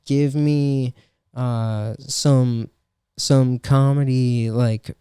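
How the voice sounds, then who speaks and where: A man's voice: mid-range voice, fairly even intonation, drawn-out words, mellow, clean tone, no room sound, clean studio sound. A young adult man telling a story in casual podcast chat, swearing often and full of fillers. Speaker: podcast co-host and stand-up comedian.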